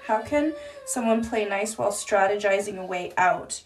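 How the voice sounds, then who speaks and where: A woman in her thirties chats casually on a phone live stream from her home. Her voice sits in a middle pitch, and she swears freely and laughs often as she talks. A faint hiss lies under the phone recording. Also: animated, moderate pace. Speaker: livestream host. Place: home, indoors.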